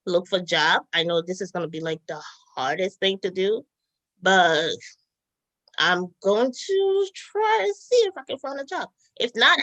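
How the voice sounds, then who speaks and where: A young woman chatting as a guest, telling stories in a lively way and laughing often. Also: medium pitch, no echo, poor audio. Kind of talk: casual chat.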